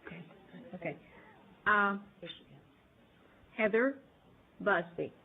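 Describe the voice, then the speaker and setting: A woman committee chair speaking briskly as she calls witnesses and thanks them. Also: mid-range voice. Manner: brisk, procedural. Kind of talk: procedural chairing. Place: legislative committee hearing room. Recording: distant, tinny phone-like audio.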